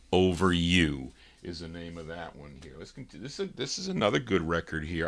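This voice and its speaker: A man hosting a live record show, chatting casually and musing aloud with frequent pauses and "uh"s. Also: low-pitched, a bit bright. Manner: easygoing and musing, thinks aloud with many "uh"s.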